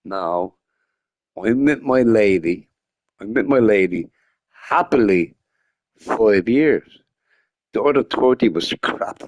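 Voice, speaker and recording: A man's voice: lowish voice, animated, takes it slowly, long pauses, a little mellow, muffled recording. A drunk man rambling and joking crudely while streaming a game. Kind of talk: casual stream chat.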